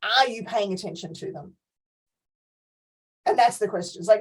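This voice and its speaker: A middle-aged woman coach talking in a casual group discussion, animated and ranting, often laughing between points. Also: a little high, a little slow, pauses often, breathy edge, poor audio.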